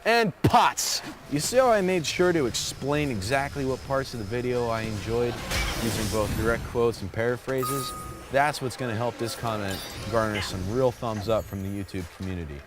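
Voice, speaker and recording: A man delivering mock-serious comedic commentary over clips, dry and deadpan. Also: mid-range voice, brisk, over music. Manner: mock-serious, switches into a dumb bro voice for fake comments.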